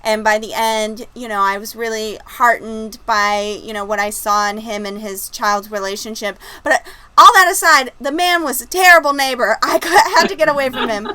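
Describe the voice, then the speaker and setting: Host, woman, 30s, bright, chatty storyteller on a video call. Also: on the high side, steady tone, moderate pace, few pauses, clean tone, no room sound, low-quality recording. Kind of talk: casual livestream chat.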